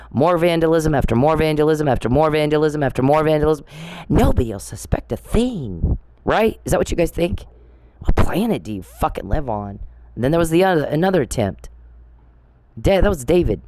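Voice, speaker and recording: With no room sound behind her, a middle-aged woman vlogs an angry address to camera in a low-pitched, dark voice. She swears, goes on the attack with sarcasm, and keeps firing rhetorical questions.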